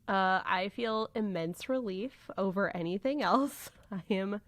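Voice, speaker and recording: Woman co-host, upbeat and giggly casual chat, dry close mic, mid pitch. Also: unhurried, no echo. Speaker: podcast co-host.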